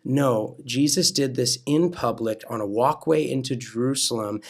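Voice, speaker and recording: An American man, a pastor and coach, telling a personal faith story in a lively way, acting out quoted dialogue and then preaching. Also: mid-range voice, moderate pace. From California. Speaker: pastor and wrestling coach, guest.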